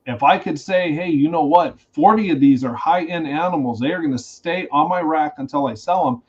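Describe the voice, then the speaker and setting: A man who is a guest on a casual podcast, a reptile breeder speaking in a blunt, animated way. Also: a little high, moderate pace. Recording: slightly dull lo-fi sound.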